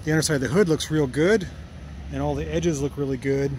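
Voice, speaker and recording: Man, slightly high voice, casual shop vlog, rambling, self-correcting, faint background noise. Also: a little fast, darkish tone. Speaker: car restorer and channel host. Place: home workshop and driveway.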